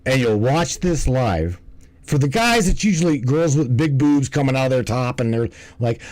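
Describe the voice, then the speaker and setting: A man's voice: mid-range voice, animated, normal speed, a little mellow, no echo, rough recording. A man hosting a livestream in casual commentary, rambling and swearing, often stumbling and restarting his words. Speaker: livestream host.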